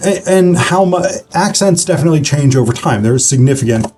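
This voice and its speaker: A man's voice: fairly high pitch, animated, a little fast, darkish tone, soft background music. A man giving a casual online literature lecture, talking conversationally with frequent fillers and restarts.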